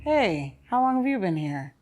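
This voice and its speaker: A woman playing an older, sick father who is gruff, crude and wry, telling blunt, profane stories in a stage play. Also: mid-range voice, very animated, normal speed, a little mellow, soft background music, close to an everyday voice. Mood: grumbling. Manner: blunt, sardonic, profane storytelling.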